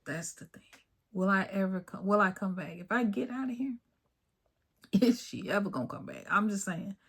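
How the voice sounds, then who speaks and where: A middle-aged American woman hosts her own video and speaks directly to her viewers in a casual, emphatic way, calling them y'all and repeating points to drive them home. Her voice is medium-pitched, expressive, a bit bright and slightly rough, at a moderate pace.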